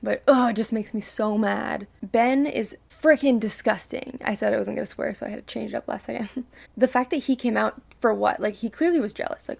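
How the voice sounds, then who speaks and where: A young woman talks through her reaction to a show in casual, heartfelt commentary, ranting and swearing as she goes. Her voice sits a little high and carries a strong gravelly fry. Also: brisk, darkish tone. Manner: emotional, ranting, swears freely. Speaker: reaction video host.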